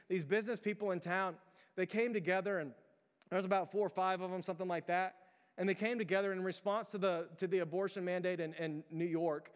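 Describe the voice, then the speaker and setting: A man's voice: high-pitched, clean tone, in a large hall. A man preaching a sermon in a conversational way, full of fillers and rhetorical questions aimed at his congregation. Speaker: pastor.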